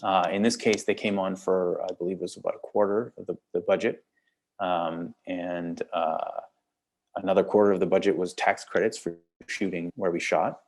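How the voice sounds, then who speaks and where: Man, Canadian accent, very low voice, gravelly, relaxed rambling interview talk. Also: normal speed. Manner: rambling, repeats words, laughs between thoughts. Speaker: film director guest.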